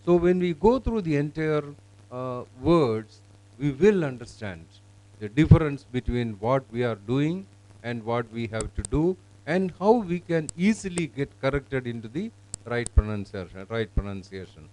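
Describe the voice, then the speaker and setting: Male demo presenter, relaxed mellow voice, explanatory, full of pauses and fillers. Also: medium pitch, no room sound, low-quality recording. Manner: explanatory, halting with fillers and restarts. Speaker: software demonstrator. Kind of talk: live classroom software demonstration.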